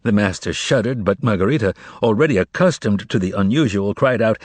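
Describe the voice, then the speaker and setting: A man reading a novel aloud as an audiobook narrator, with expressive, measured storytelling. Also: lowish voice, no echo. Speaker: audiobook reader.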